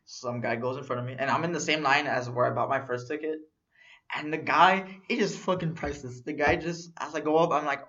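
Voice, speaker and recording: A young man co-hosting a podcast, telling a story in casual chat, animated and swearing as he acts out what people said. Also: a little high, a little fast. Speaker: podcast co-host. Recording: dull lo-fi recording.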